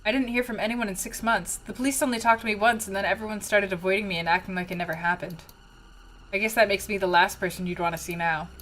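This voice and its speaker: A woman reading the lines of a sad, quiet young shrine maiden girl from a story game, in a soft, subdued way. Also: medium pitch, fairly even intonation, quick pace, slight background noise, lightly acted. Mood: wistful.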